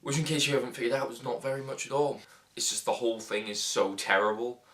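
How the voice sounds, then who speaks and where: Young male film reviewer, bright tone, sarcastic and rambling, casual delivery. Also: mid-range voice, fast talker. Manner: rambling, sarcastic, frequent fillers and restarts.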